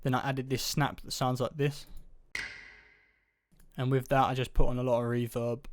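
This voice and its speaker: A man's voice: medium pitch, normal speed, over loud music. Laid-back man explaining beat production. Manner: relaxed, offhand, loose run-on steps. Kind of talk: casual screen-recorded production tutorial.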